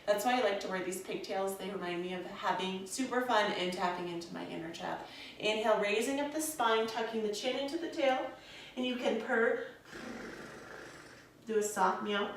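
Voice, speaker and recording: Guiding a yoga class, a young woman speaks soothingly and encouragingly, calling everyone her friends. Her mid-range voice moves at a moderate pace, captured from afar in an echoey room with slight background noise.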